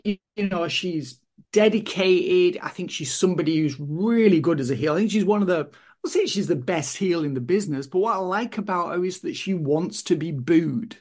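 Rambling higher-voiced male podcast co-host. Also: moderate pace, a little mellow. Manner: rambling, many "you know" fillers and restarts. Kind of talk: casual wrestling chat.

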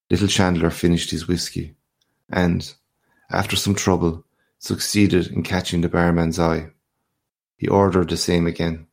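A man narrating a classic short story in a measured, unhurried audiobook reading. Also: deep voice, little pitch movement, creaky.

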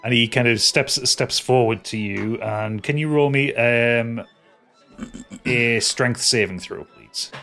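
A man's voice: mid-range voice, bright, forceful tone, soft background music. A man narrating as game master of a tabletop game, stumbling over restarts as he describes scenes. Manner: halting, many restarts and fillers.

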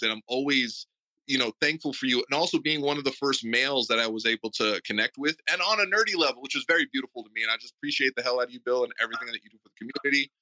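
A man's voice: mid-range voice, pushed and bright, rough recording. A man hosting a support group, speaking earnest, heartfelt words, often stammering and repeating himself. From Puerto Rico. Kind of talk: heartfelt tribute talk. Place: online audio room.

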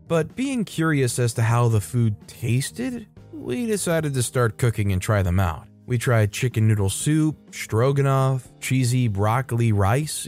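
A man reading internet stories aloud as a narrator, in a brisk storytelling delivery. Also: medium pitch, a little mellow.

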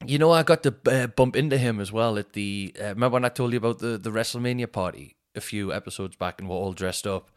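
A man's voice: fairly low pitch, quick pace, few pauses. A man in his thirties with a Northeast English accent, a comedian and podcast host telling stories casually, rambling and restarting often. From Northeast England. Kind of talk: casual storytelling.

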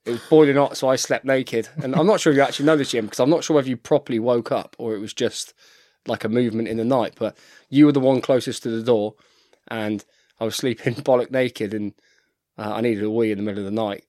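A man's voice: mid-range voice, steady tone, fast, darkish tone, no echo, studio quality. An English man in his thirties telling stories in a casual podcast chat, laughing often and calling his friend "mate". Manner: chatty, laughs often, says "mate" a lot. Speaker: podcast guest, rugby player.

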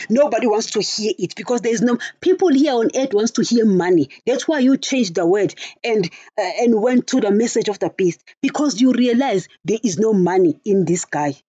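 A woman's voice: mid-range voice, lively intonation, moderate pace, warm tone, slightly rough, dry recording, lo-fi sound. A woman hosting a religious podcast, speaking angrily and repeating herself as she talks to her listeners. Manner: angry, repetitive, addresses listeners as guys. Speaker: podcast host. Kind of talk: impassioned religious podcast monologue.

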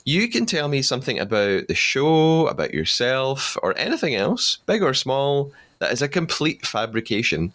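A man's voice: medium pitch, very animated, moderate pace, hardly any pauses, a bit bright. A man hosting a podcast interview in a chatty way, laughing easily between questions. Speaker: podcast host.

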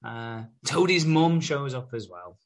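A man's voice: mid-range voice, very animated, a little slow, creaky. A young man chatting casually and swearing freely as he recaps soap scenes, briefly acting out the characters' lines. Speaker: podcast co-host recapping a soap. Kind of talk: casual chat.

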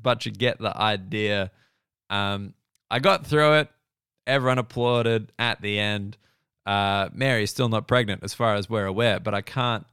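A man's voice: on the low side, fairly bright tone, clear, resonant tone, no echo, clean studio sound. A man in his thirties with an Australian accent, telling rambling, profane, self-deprecating stories as a comedian hosting his own podcast. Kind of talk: casual comedic monologue.

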